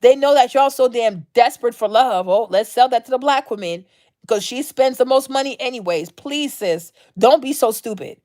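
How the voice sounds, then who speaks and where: A woman's voice: a little high, moderate pace, a little mellow. Blunt, profane woman ranting on her vlog. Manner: blunt, profane, repetitive, slangy. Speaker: vlog host. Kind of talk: unscripted commentary rant.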